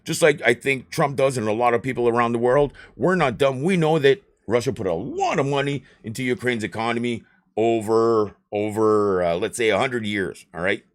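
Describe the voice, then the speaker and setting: A man, chatting on a live stream in an excitable, rambling way and swearing often. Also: medium pitch, normal speed. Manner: animated, excitable ranting with swearing.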